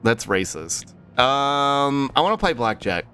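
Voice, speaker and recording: A man's voice: medium pitch, sing-song, unhurried, sharp tone, faint music behind. A young man casually streaming a game, swearing, laughing and chatting with viewers. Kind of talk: casual gameplay livestream chat.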